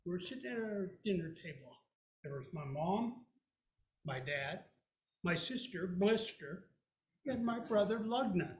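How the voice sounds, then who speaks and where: A man in his seventies telling a childhood story live to an audience, animated and folksy. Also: sits high, a little slow, pauses often. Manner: animated, folksy, plays many voices. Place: storytelling event hall. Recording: echoey room.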